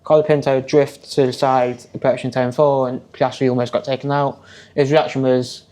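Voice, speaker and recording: A man's voice: medium pitch, level tone, normal speed, a little mellow. A man speaking as a podcast guest, recounting details in a matter-of-fact way with dry humour. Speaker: guest, motorsport news editor. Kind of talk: casual chat.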